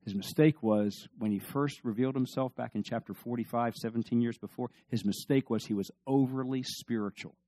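A man's voice: mid-range voice, brisk, few pauses, mellow. A man preaching a sermon as pastor, emphatic, asking the listeners questions.

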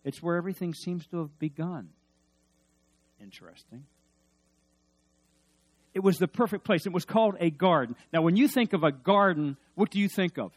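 A male preacher giving a sermon, swinging between loud emphasis and hushed asides and leading the congregation in call-and-response. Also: sits high, moderate pace, pauses often, no room sound, soft background music.

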